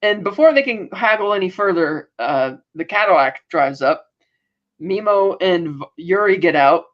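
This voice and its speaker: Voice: mid-range voice, lively intonation, moderate pace, lo-fi sound. A podcast co-host casually recapping a TV episode, rambling with restarts and acting out quoted lines.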